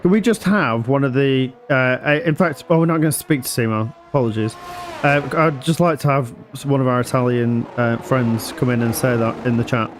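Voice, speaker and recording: A man's voice: medium pitch, fairly quick, slight background noise. A man commentating a sim racing league live in a casual, chatty way, often laughing and apologising.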